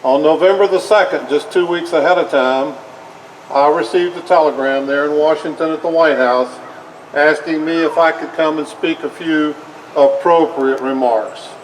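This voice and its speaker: A man portraying a solemn nineteenth-century American president, giving a slow, measured, formal oration at an outdoor parade. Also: a little high, recorded from a distance, a little hiss or hum, lightly acted, poor audio. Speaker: historical reenactor. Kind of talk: reenacted historical speech.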